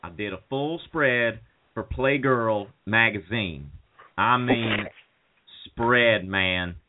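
A man's voice: lowish voice, drawn-out words. A man doing a goofy pleading buddy voice. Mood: rambling confession. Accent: put-on drawl. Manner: pleading, rising to frantic yelps. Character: goofy young buddy pleading at a friend's sickbed. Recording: phone-like call audio.

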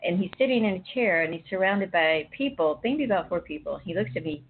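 A woman recounts a personal faith story in casual conversation, circling back often and restarting her sentences. Her voice sits a little low, and it comes through a thin, phone-like line. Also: expressive, fairly quick. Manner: emotional, rambling, frequent restarts. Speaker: guest sharing a personal story.

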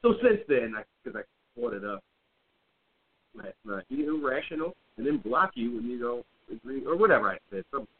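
A man co-hosting a podcast, telling a story in casual chat with blunt, profane, animated delivery. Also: medium pitch, normal speed. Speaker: podcast co-host. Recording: tinny phone-like audio.

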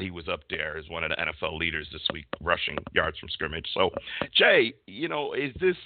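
A middle-aged man hosting a casual sports talk show, rambling and searching for words as he goes. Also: sits low. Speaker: podcast host. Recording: dry, phone-like audio.

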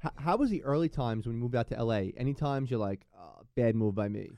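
Male host, quick delivery, eager questions, dry sound. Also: medium pitch, animated, mellow, dry recording. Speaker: podcast host. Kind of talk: casual interview chat.

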